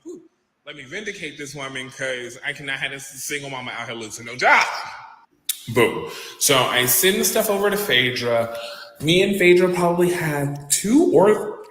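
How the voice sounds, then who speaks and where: A man's voice: fairly high pitch, fairly bright tone. A man telling a long personal story in a video clip. He rambles and acts out the conversations he quotes. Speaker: guest telling his story. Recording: echoey room with long reverb.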